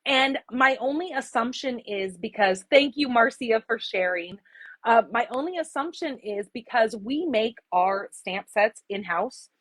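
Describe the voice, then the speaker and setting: A woman's voice: fairly high pitch, lively intonation, measured pace, fairly bright tone, no room sound, poor audio. Chatty, emotional woman on a dry close mic. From Arizona, US. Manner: chatty, emotional, greets viewers by name. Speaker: craft livestream host. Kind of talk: casual livestream chat. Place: home craft room.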